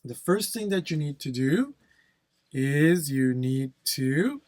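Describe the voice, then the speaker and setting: Slow, checking-in exam-prep instructor. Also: medium pitch, animated, a little mellow, no echo. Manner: frequent "okay?" checks, addresses viewers as everyone.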